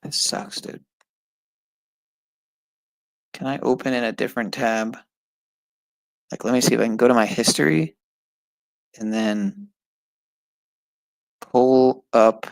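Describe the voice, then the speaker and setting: A man's voice: medium pitch, fairly even intonation, slow pace, creaky, long pauses, dry recording, poor audio. A man streaming live, muttering and swearing in frustration as he works through an online test and talks to his viewers. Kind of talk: casual live-stream talk while taking an online test.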